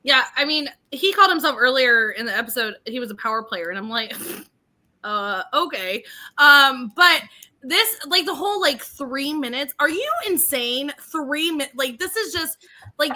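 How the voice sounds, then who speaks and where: A woman co-hosting a podcast in casual chat, gushing and animated, laughing often. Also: sits high, normal speed. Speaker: podcast co-host.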